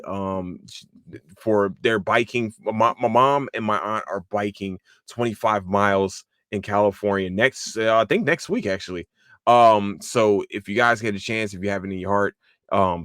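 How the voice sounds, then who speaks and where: A man with a fairly low voice hosts a loose, unscripted solo podcast, talking with excitable energy. He swears freely and keeps stumbling into restarts and fillers. The sound is dry, with no room echo. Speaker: podcast host. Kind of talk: casual solo anime review podcast.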